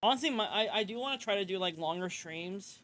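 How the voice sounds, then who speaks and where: A woman's voice: medium pitch, lively intonation, fast talker, a bit bright. Rambling, chatty woman streaming a game. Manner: rambling, chatty, swears freely, laughs often. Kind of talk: casual live-stream chat.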